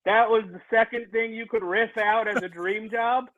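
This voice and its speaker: Guy doing a folksy coach voice, real high, rambly and deadpan, tinny call audio. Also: normal speed, no echo, lightly acted. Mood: rambling. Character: folksy blowhard male football coach, middle-aged. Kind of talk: improvised comedy character on a live podcast. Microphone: video call.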